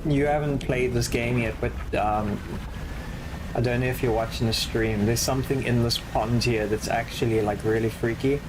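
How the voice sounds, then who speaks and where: A man's voice: medium pitch, steady tone, normal speed, background noise. Joking, swearing male game streamer. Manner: joking, swears casually, laughs often. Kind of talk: casual gaming stream chat.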